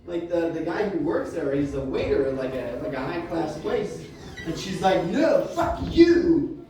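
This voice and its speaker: A man doing a rambling stand-up set, telling a loose, halting story full of "like" and restarts. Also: a little high, a little mellow. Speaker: stand-up comedian. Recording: roomy, distant mic with faint room noise.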